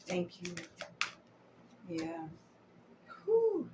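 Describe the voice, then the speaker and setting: A woman's voice: on the low side, huge pitch swings, extremely slow, background noise. Emotional woman giving a spiritual card reading. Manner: affirming, repetitive, emotional, drops to whispers. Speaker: tarot and oracle card reader.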